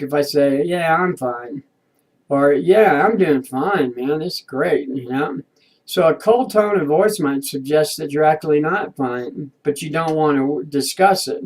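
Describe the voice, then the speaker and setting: Male instructor, slightly high voice, casual unscripted lecture delivery with frequent restarts. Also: a little mellow, rough recording. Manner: halting, frequent restarts and fillers; conversational, explains with everyday examples.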